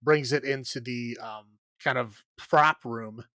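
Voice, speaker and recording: Casual male podcast host, mid-pitched, chatty and meandering with plenty of "um" and "like", recorded dry and close. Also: slow pace, sharp tone, no echo. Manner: rambling, filler-heavy, laughs often. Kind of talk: casual chat recapping a film.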